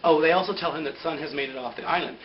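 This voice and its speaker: A man's voice: on the high side, very fast, slight background noise. Chatty young man, dull lo-fi audio. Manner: rambling and animated, with lots of "like". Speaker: vlogger recapping a TV episode. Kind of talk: casual spoken recap. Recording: dull lo-fi home recording.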